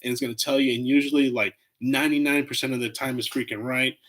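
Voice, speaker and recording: A man hosting his own podcast, rambling in a loose, excitable, heavily profane way. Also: fast. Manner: rambling, profane, excitable, fillers like "boom" and "freaking". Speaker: podcast host. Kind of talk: casual solo podcast rant.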